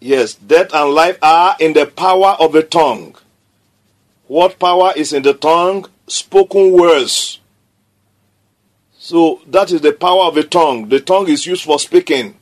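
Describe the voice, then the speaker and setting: A man's voice: on the high side, a little slow. A man preaching a sermon, declaring scripture emphatically and repeating key phrases.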